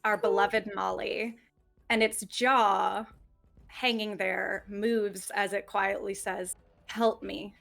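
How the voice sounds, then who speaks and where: A woman's voice: mid-range voice, little pitch movement, takes it slowly, gravelly, fairly bright tone, soft background music. A woman narrating as game master of a tabletop role-playing game, casual, vivid and playful.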